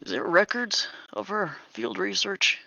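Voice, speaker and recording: A player questioning a character in a tabletop game, halting and probing. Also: mid-range voice, sing-song, creaky, sharp tone, no room sound, highs cut off.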